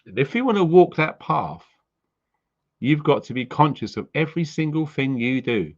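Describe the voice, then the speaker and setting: A man's voice: a little high, big pitch swings, normal speed, dull audio. A man from the UK hosting a live stream about prepping, talking bluntly and with swearing about what he believes. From United Kingdom. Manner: blunt, sweary, heartfelt ranting. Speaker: prepping channel host.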